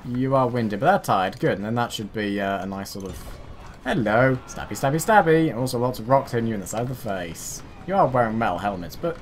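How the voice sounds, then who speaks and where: A man's voice: medium pitch, lively intonation, fairly quick, slight background noise. A man narrating a strategy game, chatty and self-mocking as he barks orders at his units. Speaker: gaming YouTuber. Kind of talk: casual let's play commentary.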